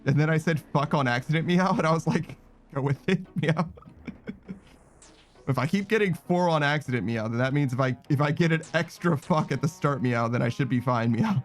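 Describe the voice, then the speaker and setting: A man streaming a video game talks in a loose, casual way, cursing freely and reading viewer messages aloud. He keeps tacking a playful meow onto his phrases. Faint music plays quietly under his voice. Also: normal speed. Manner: swearing, saying meow after phrases, reading chat aloud; frustrated outbursts in a raised, higher voice. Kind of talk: casual gaming stream commentary.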